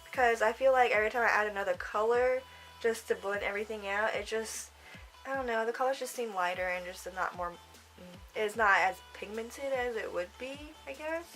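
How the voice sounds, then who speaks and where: A woman's voice: fairly high pitch, normal speed, a bit bright, faint music behind, rough recording. A young woman giving a casual makeup tutorial, chatty and rambling, often trailing off and giggling to herself. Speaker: makeup vlogger.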